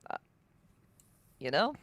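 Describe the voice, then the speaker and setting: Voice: takes it slowly, fairly bright tone, dry recording. A co-host chatting casually on a podcast, speaking hesitantly and often filling gaps with "like". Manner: hesitant, fills with "like".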